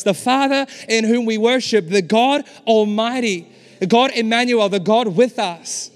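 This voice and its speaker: A pastor delivering an impassioned, emphatic sermon, often urging his listeners with "come on.". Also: high-pitched. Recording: long hall reverb with faint music behind.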